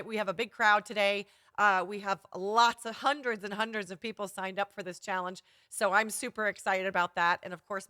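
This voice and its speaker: A woman's voice: a little high, pushed and bright, dry recording, studio quality. A woman photography business coach giving an upbeat, chatty live-streamed workshop.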